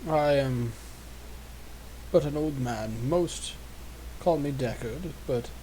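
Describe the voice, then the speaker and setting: A man doing a gentle old man who speaks slowly in an old-fashioned, courteous way, with a mellow, warm tone. His questions come at an unhurried pace. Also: mid-range voice, slight background noise, lightly acted, poor audio. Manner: slow, courteous, formal old-fashioned speech.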